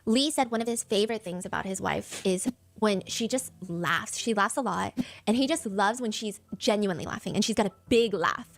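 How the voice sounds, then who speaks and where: A woman's voice: medium pitch, vocal fry. A woman hosting a reaction show, chatting casually as she recaps a reality show, with lots of filler words. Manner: chatty, rapid, filler-heavy storytelling.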